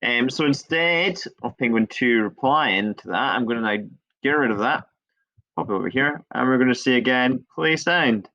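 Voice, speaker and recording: Speaking at normal speed with a medium pitch, this male teacher explains a coding tutorial piece by piece. He's conversational and easygoing, shrugging off the small mistakes he makes, and the screen recording sounds dull and lo-fi.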